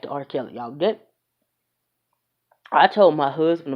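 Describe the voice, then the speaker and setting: A woman's voice: deep voice, expressive, unhurried, pauses often. A woman giving a blunt, emphatic opinion rant into her phone, as in a casual vlog. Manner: emphatic, blunt, fed-up, conversational. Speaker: vlogger. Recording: dull lo-fi phone audio.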